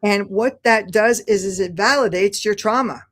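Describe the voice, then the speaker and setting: A woman's voice: mid-range voice, moderate pace, few pauses. A woman speaking as a podcast guest, talking in an earnest, flowing, encouraging way about spiritual growth. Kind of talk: podcast conversation.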